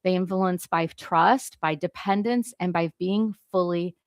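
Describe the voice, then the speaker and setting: A woman's voice: fairly low pitch, a little slow, dry recording. Older woman teaching scripture, chatty and dry. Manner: conversational, self-correcting, asks "right?" often. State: briefly choked up. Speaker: Christian leadership teacher. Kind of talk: informal devotional teaching.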